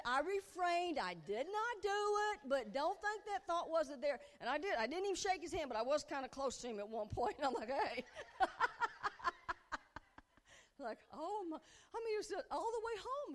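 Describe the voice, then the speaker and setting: A middle-aged woman preaching to a women's gathering, telling funny stories in a chatty, animated way. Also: moderate pace. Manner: animated, chatty, breaks into giddy high-pitched bursts. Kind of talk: humorous storytelling sermon. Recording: long hall reverb.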